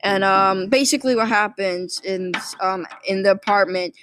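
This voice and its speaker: A woman's voice: mid-range voice, moderate pace, noisy background. A sleepy woman casually rambling through a movie plot summary, full of fillers and restarts. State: sleepy, yawning. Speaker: movie recap vlogger.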